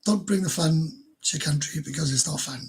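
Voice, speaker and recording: Husky Welsh man chatting to viewers. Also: fairly high pitch, brisk. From Wales. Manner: rambling, swears freely, stumbles and repeats words. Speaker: livestream host. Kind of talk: casual livestream chat answering viewers.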